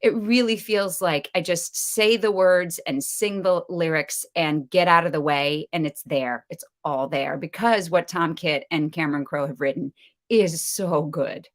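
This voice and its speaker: A woman in her thirties, a stage actress, telling animated stories in a casual interview, laughing now and then with plenty of ums. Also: on the low side, measured pace. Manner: animated storyteller, laughs often, lots of ums.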